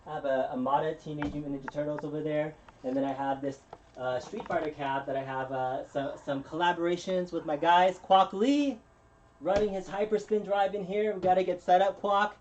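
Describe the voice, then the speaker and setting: A man hosting a casual live-stream unboxing, talking in a relaxed, rambling way with plenty of fillers and restarts. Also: a little high, brisk, lo-fi sound, a little hiss or hum. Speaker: channel host.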